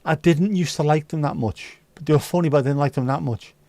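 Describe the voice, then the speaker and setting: A man's voice: on the high side, fast, dark tone, dry recording. A man hosting a livestream, reading viewer comments aloud with sweary, jokey banter. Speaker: livestream host. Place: indoors.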